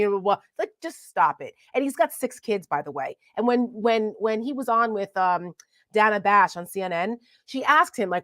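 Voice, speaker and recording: East Coast woman host, Jersey accent, animated, dry upfront voice. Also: fairly high pitch, normal speed, dry recording. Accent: New Jersey. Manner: animated, indignant storytelling. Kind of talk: casual political chat.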